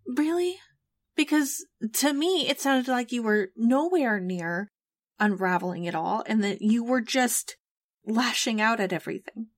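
A woman voicing a worried young female companion, speaking softly and slowly, reproachful at times. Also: fairly high pitch, lively intonation, no room sound, clean studio sound.

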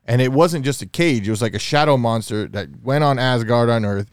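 A man's voice: medium pitch, brisk, smooth, dry recording, studio quality. A man in a casual podcast chat about a movie, arguing his point insistently. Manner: argumentative, presses his point.

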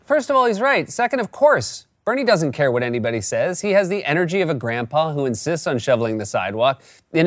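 A man's voice: on the high side, very animated, fast, fairly bright tone, dry recording, studio quality. A man hosting a late-night comedy show, delivering a scripted sarcastic monologue.

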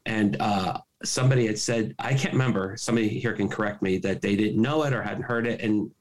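Rambling low-voiced man. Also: a little fast. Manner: rambling, self-correcting. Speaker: podcast co-host. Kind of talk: casual chat.

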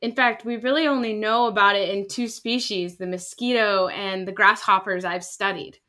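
A woman scientist in her thirties, explaining her research in lively casual conversation and acting out quoted voices. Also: medium pitch, normal speed. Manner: animated, acts out quoted voices. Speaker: scientist guest.

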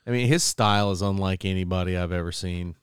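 A man's voice: low-pitched, fast talker, clean tone, dry recording, clean studio sound. A man co-hosting a casual sports podcast, joking around and slipping into goofy impressions. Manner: jokey, does goofy voices of people. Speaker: podcast co-host. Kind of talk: casual chat.

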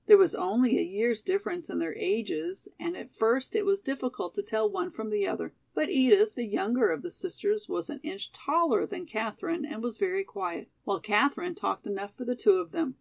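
Brief: woman narrator, steady audiobook reading, some fry in the voice. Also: medium pitch, normal speed, few pauses. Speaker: audiobook reader. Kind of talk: scripted narration of a classic novel.

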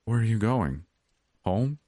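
A man's voice: on the low side, animated, takes it slowly, dark tone, no echo, clean studio sound, pitched above the performer's own voice. A man voicing a terrified young woman in a horror story, speaking in a shaky, pleading voice raised well above his own.

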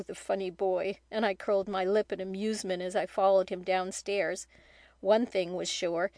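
A woman narrating a children's novel in a steady, clear storytelling manner. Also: mid-range voice, no echo. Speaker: audiobook narrator.

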